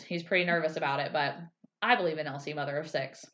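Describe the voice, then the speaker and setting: With a low-pitched voice at normal speed, this podcast co-host eagerly runs through what happened in a TV episode on a casual show. She acts out quotes by raising her voice, and the recording has a slightly dull, lo-fi quality.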